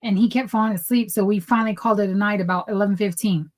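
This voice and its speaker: A woman's voice: medium pitch, racing, rough recording. A young woman co-hosting a casual chat, telling stories animatedly and acting out the dialogue she reports. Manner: animated storytelling, acts out quoted dialogue. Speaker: podcast co-host.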